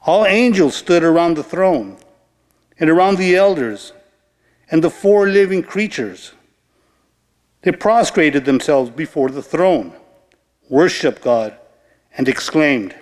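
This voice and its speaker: A man with a fairly high voice reads scripture at Mass in a slow, measured, solemn way. His words ring out in a large church with a long, lingering reverb. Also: expressive. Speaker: lector. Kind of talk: liturgical scripture reading.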